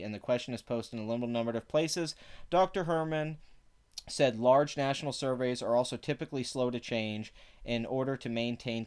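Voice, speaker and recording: A man's voice: medium pitch, a little mellow, smooth. A man giving sarcastic, profane commentary, reading parts of an article aloud between exasperated rants. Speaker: online commentator.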